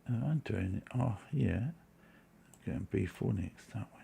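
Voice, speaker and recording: A man with a New Zealand accent and a heavily gravelly, fry-laden voice sitting a little low in pitch. He streams chess puzzles live, mutters candidate moves to himself and drifts into casual remarks to his chat. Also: measured pace, mellow, slight background noise. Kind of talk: live-stream commentary while solving puzzles.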